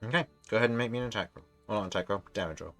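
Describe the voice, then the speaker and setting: A man's voice: fairly low pitch, very fast, fairly bright tone, soft background music. A man narrating as dungeon master, businesslike and steadily prompting the players for their rolls. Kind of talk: narrating a tabletop game.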